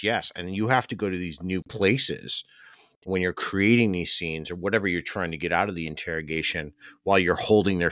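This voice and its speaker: Man, podcast host, very deep voice, candid and blunt, casual talk, dry close sound. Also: a bit bright, no echo. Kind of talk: casual conversational discussion.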